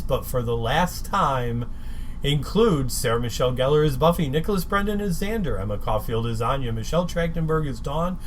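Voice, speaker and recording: A man co-hosting a podcast, reading episode credits in an unhurried way with hesitant fillers. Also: medium pitch, a little hiss or hum. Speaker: podcast co-host.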